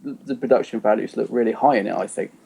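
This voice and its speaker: Mellow-voiced man in rambling podcast chat. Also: on the low side, quick pace, vocal fry, husky. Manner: rambling, full of "you know" and restarts. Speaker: podcast co-host. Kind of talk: casual chat reviewing an episode.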